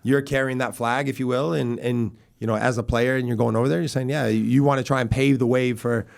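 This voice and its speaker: A man's voice: mid-range voice, fairly even intonation, a little fast, gravelly, a little mellow. An American man in his forties, a guest on a podcast, talking earnestly with many restarts. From United States. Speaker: guest, former goalkeeper. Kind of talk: casual podcast chat.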